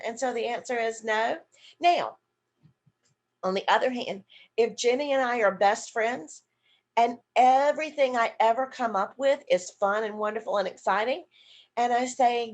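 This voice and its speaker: A woman nurse educator teaching an online seminar, acting out example questions and answering her own questions as she explains. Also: fairly high pitch. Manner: demonstrative, acts out example questions to a partner. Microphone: video call.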